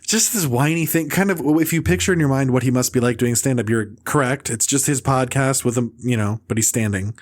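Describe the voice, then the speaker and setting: A man hosting a podcast in casual chat, ranting with mocking impressions, swearing and quick laughs. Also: medium pitch. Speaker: podcast host.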